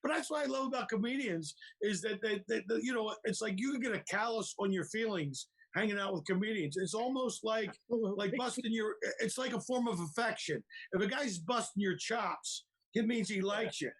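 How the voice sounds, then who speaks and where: A comedian from rambles in an animated way on a video call. His voice sits high for a man. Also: moderate pace, husky. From Philadelphia. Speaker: comedian guest. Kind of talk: casual video call chat.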